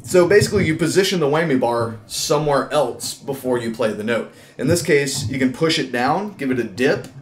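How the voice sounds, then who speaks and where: A man's voice: mid-range voice, expressive, moderate pace, hardly any pauses. A man teaching guitar in a casual, rambling way, full of fillers and restarts. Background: loud electric guitar playing.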